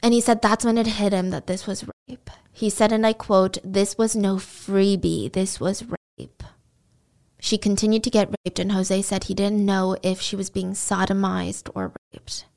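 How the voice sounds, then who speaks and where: A woman's voice: mid-range voice, level tone, moderate pace, vocal fry, hardly any pauses, darkish tone. Woman host telling a true crime story, casual and chatty, gets indignant on the side. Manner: conversational, indignant asides. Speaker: podcast host.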